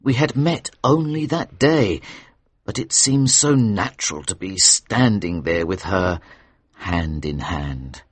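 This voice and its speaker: A man reads a story aloud slowly and expressively for English learners. His voice is lowish and husky, with lively intonation. The recording is close and dry. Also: no room sound. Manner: slow, clear and expressive.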